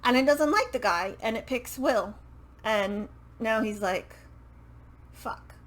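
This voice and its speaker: Slow, rambling woman book vlogger. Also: a little high, low-quality recording. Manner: rambling and unhurried, swears casually, self-correcting asides. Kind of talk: casual book chat to camera. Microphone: microphone she turns to face.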